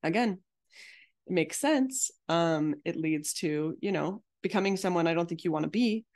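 A woman therapist with a somewhat low voice talks through her teaching in an easy, conversational way. She breaks into quick acted voices when she quotes people, then drops back to plain talk. She addresses the camera directly. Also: darkish tone. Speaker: psychotherapist.

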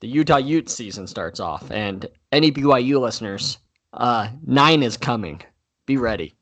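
A young man co-hosting a casual sports podcast, relaxed and teasing. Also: mid-range voice, normal speed. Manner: relaxed, teasing, laid-back. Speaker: podcast co-host.

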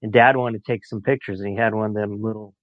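This is a man in his late forties, a podcast guest telling casual stories in a chatty way and laughing as he goes. His voice is lowish and fairly even in intonation, his pace is quick, and the sound is dull, muffled and dry with no room echo.

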